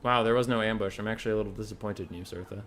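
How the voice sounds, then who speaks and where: Brief: male streamer, bright tone, relaxed joking chatter over a game. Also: on the low side, rapid-fire. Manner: laid-back, joking, laughs often. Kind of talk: casual gaming chat.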